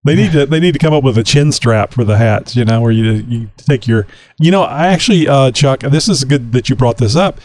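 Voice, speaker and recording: Lively, laughing podcast host man. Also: mid-range voice, a little fast, no room sound. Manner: laughs easily, loose and chatty. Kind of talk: casual podcast chat.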